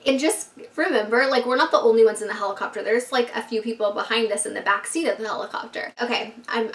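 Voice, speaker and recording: A young woman with a somewhat high voice tells a story to camera, animated and full of casual swearing. She sits a little back from the mic in a roomy space, so her voice carries a noticeable echo. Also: quick pace, few pauses, recorded from a distance. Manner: animated, profane and self-dramatizing. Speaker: vlogger. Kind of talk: storytime vlog.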